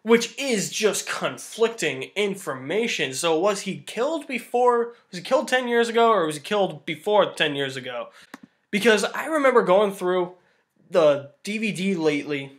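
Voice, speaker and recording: A man's voice: high-pitched, sing-song, normal speed. A man giving a casual movie review in an exasperated, ranting manner.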